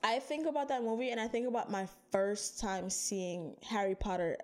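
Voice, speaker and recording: A woman co-hosting a podcast in casual chat, animated, laughing often and swearing casually. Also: medium pitch, normal speed. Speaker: podcast co-host.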